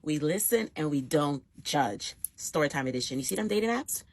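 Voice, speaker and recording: A husky, low-pitched woman tells a get-ready-with-me story time. She speaks emphatically, addressing viewers directly. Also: animated, moderate pace, darkish tone. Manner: emphatic, talks straight to viewers.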